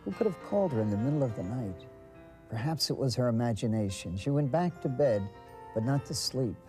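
A man narrating a saint's life story in a measured, storytelling way. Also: mid-range voice, expressive, warm tone, soft background music. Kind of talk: scripted documentary narration.

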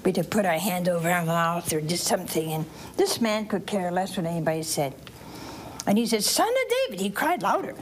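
Here the preacher's voice sits on the low side and moves fairly quickly, with a faint hiss or hum in the recording. In an animated sermon for kids and families, she tells a Bible story, puts questions to the congregation, and acts out voices.

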